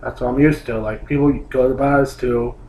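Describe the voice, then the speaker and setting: A man's voice: medium pitch, steady tone, normal speed, mellow. A young man telling an annoyed, rambling story about a trip, swearing and saying "like" a lot. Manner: annoyed, complaining, swears, rambling with many likes. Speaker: vlogger. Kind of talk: casual ranting story. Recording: roomy echo, faint hum.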